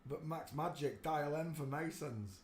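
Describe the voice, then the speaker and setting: Male streamer, rambling and animated at times, roomy room sound with faint ambience. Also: a little high, unhurried, a little hiss or hum. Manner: rambling, talks to himself while searching pictures; gets loud and animated telling stories. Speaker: livestream host. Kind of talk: casual livestream commentary.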